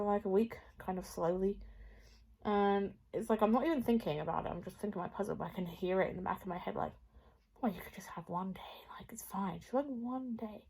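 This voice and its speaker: A woman's voice: mid-range voice, darkish tone. A young woman talking in a casual personal vlog, rambling and candid, swearing freely and at times dropping to a near whisper. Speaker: vlogger.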